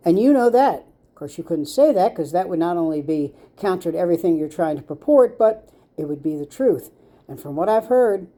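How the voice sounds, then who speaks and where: A woman's voice: on the low side, warm tone. A woman commentator ranting straight to the camera, scolding and sarcastic, speaking directly to the person she's addressing. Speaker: social media commentator.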